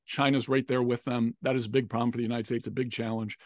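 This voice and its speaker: Measured male political analyst. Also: mid-range voice, level tone, no echo, clean studio sound. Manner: measured, analytical, frequent restarts. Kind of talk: policy commentary discussion.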